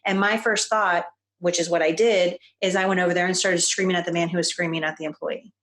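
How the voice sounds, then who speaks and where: A woman's voice: on the low side, fairly even intonation, a little fast, fairly bright tone. A woman guest on a podcast, talking in a casual, emphatic and opinionated way. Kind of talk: casual conversation.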